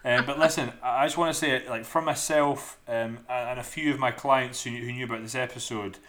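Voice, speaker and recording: A Scottish man from Dundee with a Dundee accent, hosting a podcast interview over a call. He talks in a friendly, chatty way and laughs easily, in a voice of middle pitch. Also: steady tone, fairly quick, a bit bright. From Scotland. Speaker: podcast host. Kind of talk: casual interview chat. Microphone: remote call.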